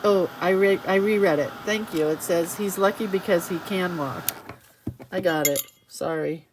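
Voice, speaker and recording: A woman's voice: on the low side, normal speed, slight background noise. Chatty woman hosting a craft livestream. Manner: chatty, reads viewer comments aloud and reacts with sympathy. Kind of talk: casual livestream chat while crafting.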